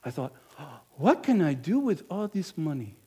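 A man performing a dramatic monologue as a harried, money-minded male innkeeper, talking in a chatty, wheedling salesman's patter that can drop to a hushed confession. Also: fairly high pitch, big pitch swings, moderate pace, slightly rough, exaggerated voice. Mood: guilt-ridden. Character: harried, penny-pinching male innkeeper of Bethlehem, middle-aged. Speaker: storyteller in character. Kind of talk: first-person dramatic monologue.

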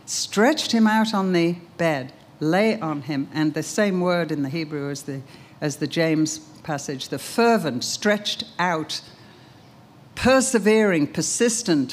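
A woman's voice: sits low, expressive, slow pace. An older woman giving an earnest, emphatic sermon, telling a story and reciting a poem. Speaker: speaker, teacher.

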